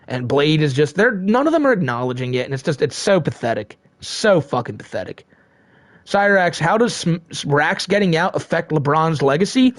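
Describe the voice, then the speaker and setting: A man's voice: a little high, no echo, studio quality. A man hosting a live stream, chatting casually and answering chat, profane and rambling, laughing often.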